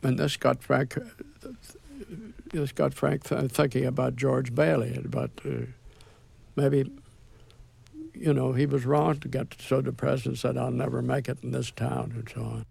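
Older man with a gravelly halting drawl. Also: medium pitch, steady tone, a little mellow. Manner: halting drawl with many restarts and fillers. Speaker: actor being interviewed. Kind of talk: reminiscing interview.

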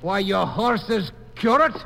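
Casting: an ardent Irish railroad man, slightly high, expressive pitch, vintage radio drama. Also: slow, vocal fry, full character voice. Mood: combative. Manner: earnest, hot-headed brogue. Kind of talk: 1940s radio acting. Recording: old radio broadcast with long reverb.

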